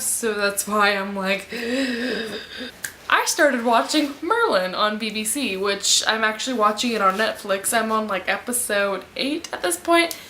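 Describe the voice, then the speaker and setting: Young female book vlogger, high pitch, slow excitable fangirl chatter, roomy echo. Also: a little hiss or hum. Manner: gushing, excitable fangirl chatter with gasps and squeals. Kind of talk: casual vlog chat.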